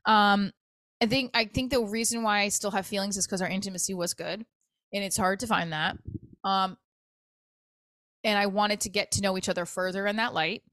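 A woman's voice: medium pitch, fairly even intonation, moderate pace, a bit bright, no room sound. A middle-aged woman hosting her own comedy podcast, venting in a candid, profane, exasperated storytelling manner.

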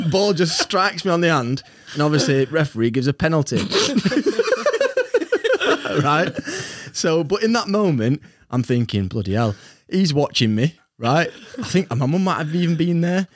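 Bloke, young, chatty story with lots of laughs, dry close sound. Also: male voice, a little high, expressive, moderate pace, no echo. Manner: self-mocking, laughs often while telling a story. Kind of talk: casual storytelling among friends.

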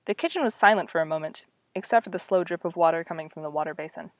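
A woman's voice: low-pitched, fast talker, dry recording. A young woman reading her own old story aloud, breaking off for wry, self-mocking asides. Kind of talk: reading aloud with casual commentary.

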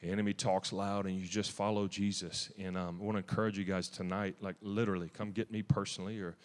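A man preaching a testimony-style sermon in a church. He is emphatic and zealous, with restarts and sudden loud bursts. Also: low voice, level tone, quick pace, in a large hall.

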